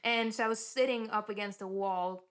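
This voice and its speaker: A young woman in casual podcast chat, recorded on a couch at home. She rambles chattily through stories and giggles often. Her pitch sits in the middle for a woman. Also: steady tone, normal speed, smooth. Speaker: podcast co-host. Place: living room couch.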